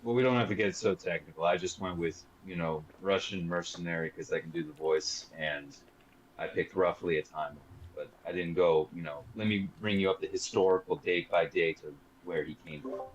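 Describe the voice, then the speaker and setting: A man with a very deep voice chats casually during an online tabletop game. He explains at length in a laid-back way. The call audio is muffled, with a faint hiss behind him. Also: steady tone, a little fast. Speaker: player.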